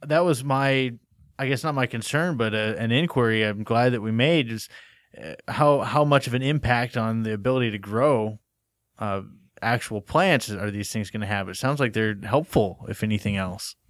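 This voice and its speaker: A man's voice: mid-range voice, normal speed, no echo, studio quality. A man hosting a talk show in a loose, easygoing way. He trips over his words and repeats himself now and then as he leads the conversation. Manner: casual, stumbles and repeats words. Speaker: podcast host. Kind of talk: casual hosting.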